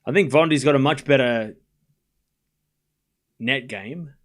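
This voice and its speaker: A man's voice: mid-range voice, slow pace. A man hosting a live tennis watchalong stream, calling the score and chatting casually with his viewers between points. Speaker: livestream host.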